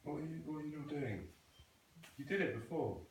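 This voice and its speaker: Coaching a student in a krav maga class, a man patiently corrects technique and asks questions in a training hall. His voice is on the high side and brisk, heard from a distance in an echoey room with a little hiss or hum.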